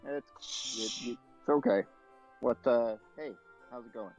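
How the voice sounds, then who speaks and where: A man's voice: mid-range voice, expressive, unhurried, vocal fry, music in the background, low-quality recording. A man playing a tabletop game, speaking in a hesitant, easygoing way. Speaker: player.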